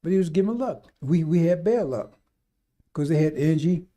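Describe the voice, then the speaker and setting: Fiery, preachy man with high, dark voice. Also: animated, moderate pace. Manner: fiery, preachy, swears, mimics voices in asides. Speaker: radio talk host. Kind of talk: rambling radio monologue.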